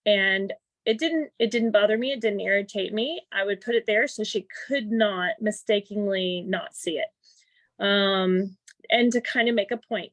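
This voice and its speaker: A woman's voice: medium pitch, moderate pace, a bit bright, dry recording. A middle-aged woman in an online workshop, candidly telling a personal story and reflecting on it. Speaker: workshop participant. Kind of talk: personal story in a group chat. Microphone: video call.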